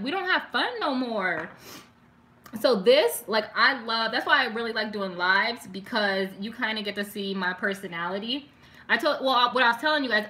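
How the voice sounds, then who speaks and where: A woman's voice: fairly high pitch, bright, forceful tone. A young woman chatting live with her viewers, talking emotionally and full of "like," stopping now and then to read their comments. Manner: chatty and emotional, heavy use of "like", reads viewer comments aloud. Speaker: beauty vlogger doing a live stream. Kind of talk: casual chat with live viewers.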